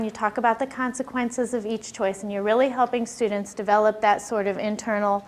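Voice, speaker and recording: A woman's voice: mid-range voice, fairly even intonation, fairly quick, few pauses. A woman giving a workshop lecture on classroom behavior, talking conversationally and asking her audience questions.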